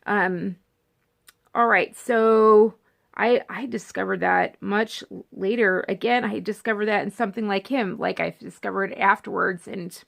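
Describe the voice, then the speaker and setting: A woman's voice: medium pitch, fairly even intonation, a little slow, gravelly. A woman in her thirties chatting casually about movies she loves on her vlog, rambling and often breaking off and restarting her sentences. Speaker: movie vlogger. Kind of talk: casual chat.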